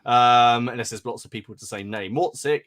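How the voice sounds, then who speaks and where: A man from England hosts a hobby podcast, chatting casually, reading out listener names, stumbling over them and laughing often. He speaks a little fast in a medium-pitched, somewhat bright voice.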